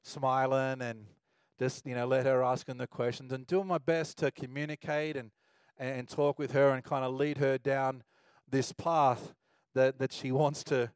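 Pastor with a dry, close sound. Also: male voice, mid-range voice, a little slow, smooth, dry recording. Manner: relaxed, conversational storytelling. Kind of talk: sermon with personal story.

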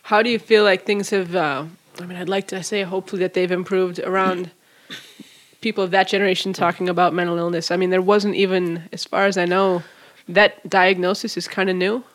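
A chatty podcast host leads a casual interview in a mid-pitched voice. The host talks freely and asks broad, open questions. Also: little pitch movement, fairly quick.

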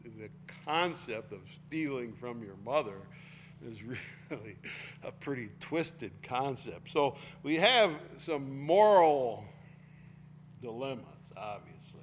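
A man's voice: mid-range voice, animated, takes it slowly. Guy giving a laid-back bible lesson, just talking it through, faint hum behind. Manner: casual explaining, reading scripture aloud with force. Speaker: Bible teacher.

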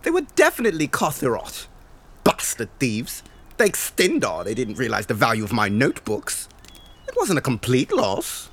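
A man's voice: medium pitch, huge pitch swings, moderate pace, a bit bright, heavily acted. An actor playing a pedantic male scholar, self-absorbed and lecturing in a lofty tone. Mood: scornful.

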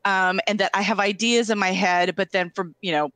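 A woman's voice: mid-range voice, fairly even intonation, normal speed, a bit bright, no room sound. A woman hosting a podcast in casual chat, gushing and enthusiastic, rambling and restarting her sentences as she talks. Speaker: podcast host.

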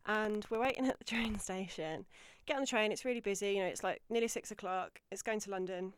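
Animated woman telling a story. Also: medium pitch, a little fast, clear, resonant tone, no room sound, studio quality. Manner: animated storyteller, acts out quotes, gets louder when excited. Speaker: podcast guest. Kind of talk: casual storytelling chat.

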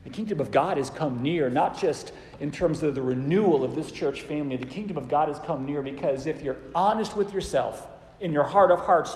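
A man's voice: mid-range voice, darkish tone, a little hiss or hum. Guy preaching a sermon, chatty and earnest, echoey church hall, long reverb. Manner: earnest, conversational preaching with anecdotes. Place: church sanctuary.

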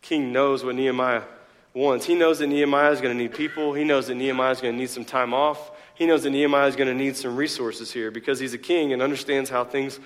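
A man's voice: mid-range voice, steady tone, fast talker, in a large hall. A male pastor preaching a sermon in a conversational way, full of rhetorical questions and joking asides.

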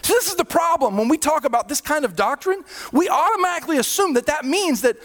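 A male pastor preaching a sermon, with sudden swells in volume and hushed, slowed drops. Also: very high-pitched, animated. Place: church hall. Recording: reverberant hall.

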